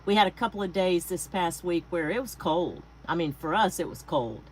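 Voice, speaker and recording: A middle-aged Texas woman with a Southern accent hosts a craft livestream, chatting casually and greeting viewers by name. Her lowish voice is animated and moves at a normal speed. The low-quality recording carries a faint air conditioner hum.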